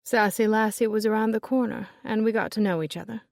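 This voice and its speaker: A woman's voice: mid-range voice, fairly even intonation, fast talker, dry recording, studio quality, close to an everyday voice. A woman voicing a blunt, chain-smoking shop owner. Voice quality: raspy smoker's voice. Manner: blunt, offhand.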